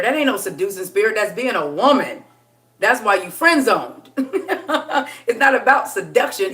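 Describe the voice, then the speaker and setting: A woman coaching on dating in a casual live stream, chatty and sassy, laughing often and dipping into a low voice for effect. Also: a bit bright, far from the mic.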